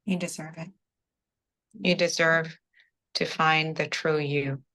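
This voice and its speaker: A woman's voice: low-pitched, steady tone, takes it slowly, sharp tone. A woman giving an earnest, spiritual testimonial in an interview, close to tears and often repeating "I was like.". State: emotional, near tears. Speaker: coaching client giving a testimonial.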